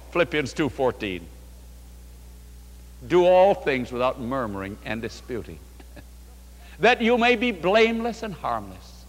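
Man, pastor, sermon, storytelling, scripture quotes, animated, echoing hall. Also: fairly high pitch. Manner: storytelling preacher, quotes scripture and acts out dialogue.

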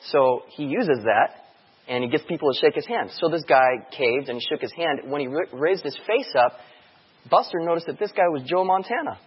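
A man's voice: fairly high pitch, animated, moderate pace, slightly rough. A man giving a chatty church outreach talk to a live audience, telling stories and asking the room questions. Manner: anecdotal, chatty, quizzes the room. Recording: dull sound in a long-reverb hall.

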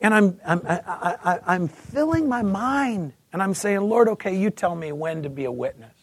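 Speaking at a moderate pace with lively intonation, a husky, high-voiced preacher in his fifties recounts his testimony in a sermon. He's animated, stumbles on repeated words, and switches into other voices. The audio is dry, close, and echo-free.

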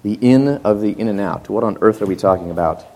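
A man preaching a sermon, telling stories with animated rises and quiet asides, recorded in a church hall. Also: lowish voice, fast. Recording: long hall reverb.

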